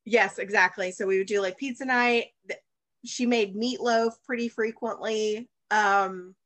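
A woman's voice: mid-range voice, steady tone, a little slow, a bit bright, no echo. Chatty woman in her thirties. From United States. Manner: chatty, rambling with many fillers and restarts. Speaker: podcast guest, baker and chef. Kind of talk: casual interview chat.

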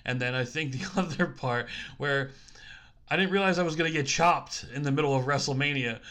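A man co-hosting a podcast in casual chat, easygoing, halting with fillers and laughing often. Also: mid-range voice, pushed and bright. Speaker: podcast co-host.

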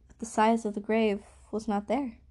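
A woman narrating a first-person novel as an audiobook, with an even, measured reading. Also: on the high side.

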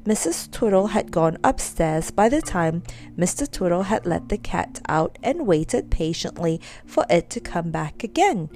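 A woman reading a children's story aloud, expressive and storytelling. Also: fairly low pitch, a little slow.

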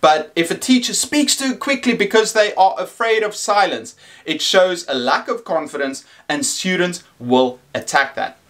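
Measured man giving teaching tips. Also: lively intonation, a bit bright. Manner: measured, deliberate, shifts pitch to demonstrate. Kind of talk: instructional talk to camera.

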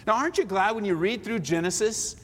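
A man pastor preaching a sermon, shifting between forceful emphasis and hushed, quiet pleading. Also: sits high, animated, brisk, long reverb tail. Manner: dynamic, swings from forceful to hushed.

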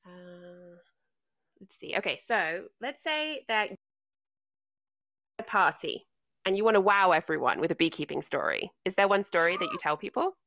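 A woman's voice: fairly low pitch, lively intonation, normal speed, pauses often, pushed and bright, no echo. A woman hosting a podcast and interviewing a guest in a casual chat, chatty and relatable, acting out the quotes in her anecdotes. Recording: muffled dull sound.

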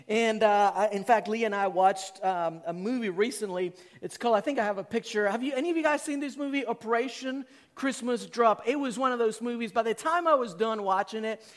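A man in his forties, a pastor giving a sermon, who tells stories in a lively way and acts out his own reactions. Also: extremely high pitch.

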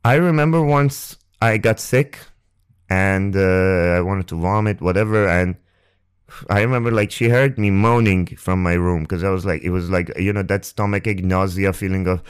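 A young man hosting a podcast, telling a personal story on a close microphone in a halting, rambling way, with restarts and swearing. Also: low voice, smooth. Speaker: podcast host. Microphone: close ASMR microphone.

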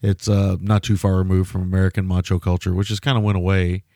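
A man co-hosting a podcast, talking in a laid-back, measured way. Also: deep voice, level tone, mellow, no echo, clean studio sound. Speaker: podcast co-host. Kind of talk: casual chat.

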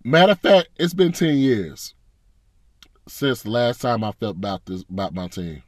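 A man's voice: medium pitch, expressive, normal speed, dry recording, clean studio sound. A man ranting as a fan, blunt and profane, in a casual, frustrated reaction. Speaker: sports fan commentator.

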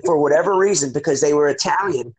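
A man's voice: fairly high pitch, fast, husky. A middle-aged man hosting a podcast, telling a long story in casual, rambling chat that is full of swearing, "like" and "you know".

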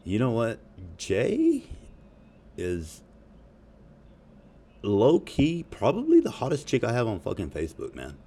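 A man's voice: medium pitch, huge pitch swings, unhurried, pauses often, dark tone, breathy edge. A man rambling profanely and jokingly in a casual monologue to his audience. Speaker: vlogger.

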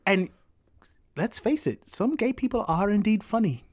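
A man co-hosting a podcast in casual chat, playful and teasing, quick to jump in and agree. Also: sits high, expressive. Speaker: podcast co-host.

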